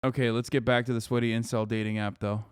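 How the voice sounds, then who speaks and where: Profane, mocking male streamer, smooth voice. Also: mid-range voice, quick pace, no room sound, studio quality. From United States. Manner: profane, mocking, animated reactions. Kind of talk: casual live-stream commentary.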